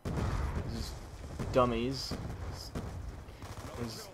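A man's voice: medium pitch, level tone, very slow, background noise. A young man commentating his own shooter gameplay, swinging between muttering and frustrated outbursts with minced curses. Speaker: gaming YouTuber.

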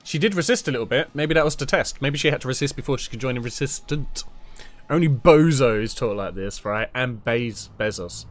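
A man's voice: medium pitch, fast, hardly any pauses, a bit bright. A man commenting casually on a video game as he plays, crude and joking. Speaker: gaming streamer.

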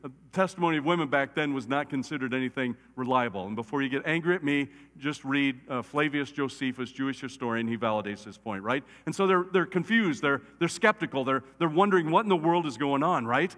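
A man preaching a conversational sermon as a pastor, animated and often checking in with "right?". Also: medium pitch, brisk, hardly any pauses. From United States. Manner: animated, repeatedly asks "right?". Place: church sanctuary. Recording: long church reverb.

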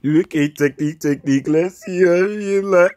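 A man reacting casually to pictures, repeating words, squealing high greetings and shouting refusals. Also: moderate pace, slight background noise. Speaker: YouTube reaction host.

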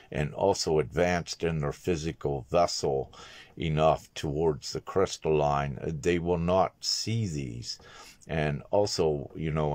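Male spiritual teacher, deep low voice, dry close sound, measured and halting. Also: darkish tone, dry recording. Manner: measured, halting delivery with frequent filler pauses. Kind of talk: monologue video message.

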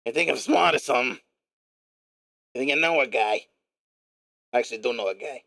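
A male streamer giving live gameplay commentary in a put-on gruff newsman voice, profane and playful. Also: medium pitch, fairly quick, pauses often, sharp tone, dry recording, clean studio sound.

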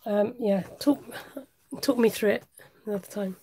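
A woman's voice: medium pitch, fairly even intonation, normal speed, breathy edge. An English woman with a slight West Country twang, chatting and laughing with viewers while she works on a live craft stream. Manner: warm chatty, laughs often, talks while working. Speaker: craft livestream host.

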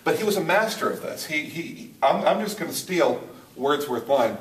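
A man's voice: on the high side, lively intonation, normal speed. A man teaching a poetry lesson at a board, thinking aloud with many restarts and fillers. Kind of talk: whiteboard lesson. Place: room with a board. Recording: roomy, from a distance.

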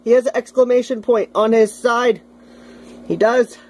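A woman's voice: fairly high pitch, fairly even intonation, moderate pace, a little mellow. A woman vlogging casually at home, playfully chatting to her aquarium fish. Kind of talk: casual vlog tour.

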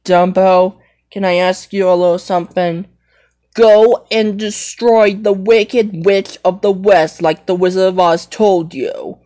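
A woman's voice: steady tone, slow pace, mellow. A woman improvising a playful toy role-play with shifting voices. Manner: swings between squeaky high and low put-on voices.

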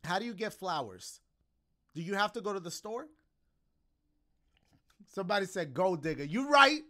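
Slangy, animated male game commentator. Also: sits high, moderate pace. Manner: animated, slangy, bursts into loud exclamations. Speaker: gaming commentator. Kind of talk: casual let's-play commentary. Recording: game music playing underneath.

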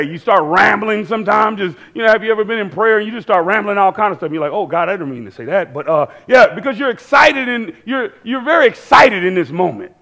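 A man preaching a sermon in a church, animated and conversational, acting out quoted voices and repeating phrases. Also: sits high.

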